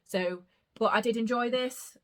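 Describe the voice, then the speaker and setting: A woman's voice: a little high, measured pace. A young woman chatting casually about books she read, gushing and emotional, swearing freely. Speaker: book vlogger. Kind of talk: casual chat.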